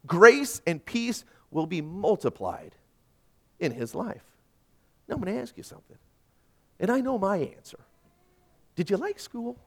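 A man's voice: very high-pitched, fairly bright tone. A man in his thirties preaching a sermon, telling stories in a conversational, self-deprecating way and asking the congregation questions. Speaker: pastor.

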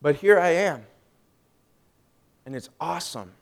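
A young man giving a personal faith testimony, emotional and swinging from hushed, drawn-out phrases to loud, emphatic ones. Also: on the high side, lively intonation, vocal fry. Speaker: student speaker giving testimony.

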